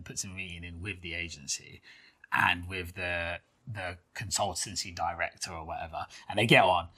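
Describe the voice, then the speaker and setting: A podcast co-host with a low, husky voice tells a story in casual chat. He's animated, swears freely, and fills his speech with lots of fillers.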